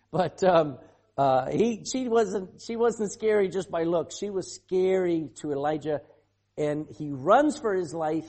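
Lively, questioning preacher mid-sermon. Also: medium pitch. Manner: animated preaching with rhetorical questions to the congregation. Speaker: pastor.

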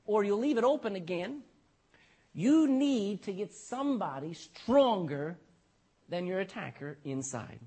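A man's voice: high-pitched, lively intonation, measured pace, mellow, slightly rough. A man preaching a sermon in an emphatic style, often tagging lines with "amen" and asking the congregation questions. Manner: emphatic, repeats "amen" and "you know". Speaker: pastor.

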